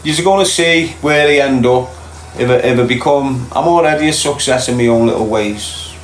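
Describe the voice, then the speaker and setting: At a normal speed and medium pitch, a middle-aged man with a Liverpool accent reads viewer comments during a casual livestream, blunt and swearing freely. The audio carries a little hiss or hum, plus faint ambience from an echoey room.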